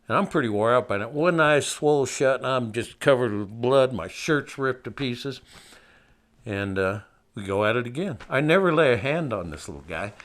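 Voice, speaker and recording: A man's voice: medium pitch, expressive, fairly quick, a bit bright. Folksy older man from Montana. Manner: folksy, wry, laughs at himself. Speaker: storyteller. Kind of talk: telling a personal story.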